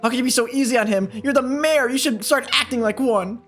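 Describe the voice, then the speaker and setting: A man putting on a high scolding village girl. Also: brisk, fairly bright tone, faint music behind. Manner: scolding, exasperated. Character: indignant young village woman.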